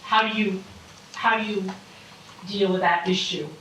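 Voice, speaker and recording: A woman in the audience asks a panel a deliberate question, often repeating words. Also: mid-range voice, fairly even intonation, background noise. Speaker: audience member asking a question. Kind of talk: public Q&A question. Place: public meeting hall. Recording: very echoey hall, distant mic.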